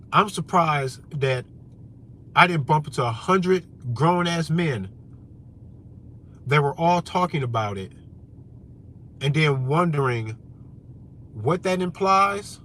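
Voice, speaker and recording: A man's voice: a little high, a bit bright. A man delivering a brash, profane, combative rant as a vlogger, with faint vehicle noise behind him. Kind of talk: profane ranting monologue.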